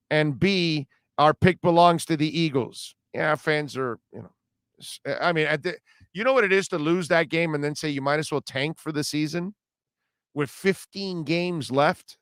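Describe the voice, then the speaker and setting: A man hosting a live sports talk radio show, reading listener comments and reacting in an animated, emphatic way, often repeating himself. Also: on the high side, clean tone, dry recording, clean studio sound. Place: radio studio.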